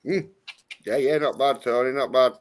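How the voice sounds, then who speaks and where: A man's voice: mid-range voice, normal speed. A man hosting a casual livestream chat. He teases his guest crudely and repeats himself. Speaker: livestream host.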